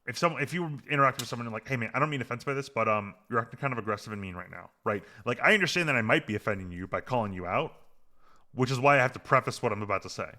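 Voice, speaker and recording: A man's voice: medium pitch, rapid-fire. A man co-hosting a podcast, talking casually with lots of fillers and getting heated as he picks apart a TV episode. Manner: rambling, filler-heavy, gets heated and animated. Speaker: podcast co-host. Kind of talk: casual chat recapping a TV episode.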